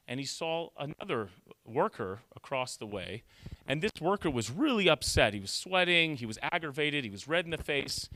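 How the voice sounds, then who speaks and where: A man, an emergency physician, giving a conversational storytelling talk, animated and full of fillers and restarts. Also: medium pitch, no room sound. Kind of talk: storytelling lecture. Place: cultural center lecture hall.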